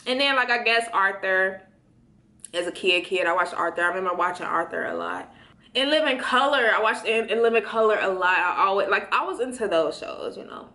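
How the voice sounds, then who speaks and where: A woman's voice: mid-range voice, lively intonation, brisk, bright, forceful tone, echoey room. A young woman from Chicago chatting casually with viewers, slangy and playful, answering their questions. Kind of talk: casual chat.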